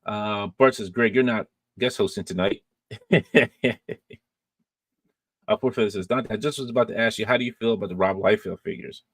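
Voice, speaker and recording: A man with a low voice hosts a podcast, reading viewer comments aloud and chatting back in a loose, rambling way. He fills gaps with ums and restarts his sentences. The sound is dry and close, with no room echo. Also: quick pace, few pauses. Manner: relaxed, rambling, many fillers and restarts. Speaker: podcast host reading live chat. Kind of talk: casual livestream chat.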